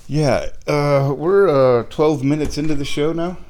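A man's voice: fairly high pitch, measured pace, noisy background. A man chatting casually in a vlog while feeding his backyard chickens outdoors. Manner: rambling, chatty, talks baby-talk to chickens. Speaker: vlogger. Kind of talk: casual walk-and-talk vlog.

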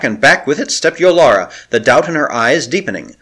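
Male audiobook narrator, animated intonation, dramatic and measured. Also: medium pitch, husky. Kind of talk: scripted narration.

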